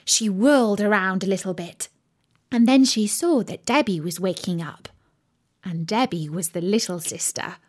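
A woman reading a children's story aloud in an expressive, gently dramatic way. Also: medium pitch, moderate pace.

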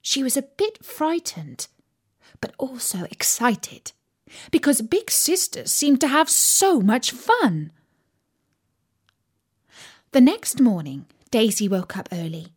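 A woman reading a children's story aloud in an expressive, gently dramatic way. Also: fairly high pitch, slow pace, pauses often, breathy edge.

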